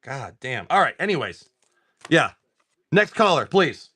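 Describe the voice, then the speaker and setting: A man hosts a casual card-opening livestream from home. He talks in an excitable, swear-filled way and exclaims over each pull. His voice is bright and forceful, and his pitch swings widely. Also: unhurried, husky.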